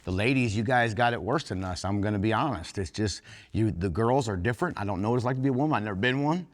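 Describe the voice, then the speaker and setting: A man's voice: lowish voice, quick pace. Earnest plain-spoken man in a hall. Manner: plain-spoken, earnest, folksy with mild cursing. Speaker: workshop speaker in recovery fellowship. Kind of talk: informal recovery workshop talk. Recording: long hall reverb.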